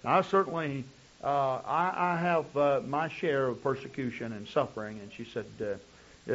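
A man's voice: mid-range voice, lively intonation, normal speed, vocal fry, fairly bright tone, slight background noise. A male pastor preaching a sermon, telling stories in long chains of "and" with frequent restarts. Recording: dull lo-fi recording.

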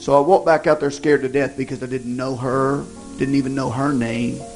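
A man, an evangelist, telling a personal testimony in a folksy, halting way with many restarts. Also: medium pitch, fairly even intonation, low-quality recording. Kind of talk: sermon testimony storytelling. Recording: music playing behind the voice.

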